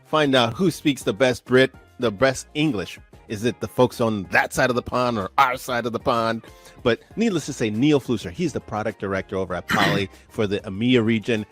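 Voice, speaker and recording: Hype-driven male podcast host. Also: medium pitch. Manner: energetic, hype introductions with laughter. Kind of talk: upbeat show hosting.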